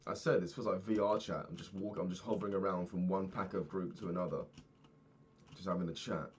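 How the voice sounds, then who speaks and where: A young man talks through his day in a loose, rambling video diary. He swears freely and laughs often. His voice sits very low, with faint typing and a slight hiss under it. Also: fairly even intonation, a little fast, dull audio. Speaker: vlogger. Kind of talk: casual video-diary chat while gaming.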